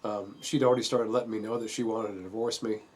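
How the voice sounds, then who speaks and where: A man's voice: on the low side, fairly even intonation, breathy edge. Earnest man recounting his story. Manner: earnest, halting, with many fillers. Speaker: father telling his family story. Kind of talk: personal testimony.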